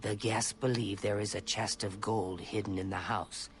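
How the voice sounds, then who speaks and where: An actor playing a sly male lizard assassin contact in a game, speaking in a hushed, scheming way. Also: fairly low pitch, fairly even intonation, normal speed, a little hiss or hum, lightly acted. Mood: sinister. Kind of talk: game dialogue.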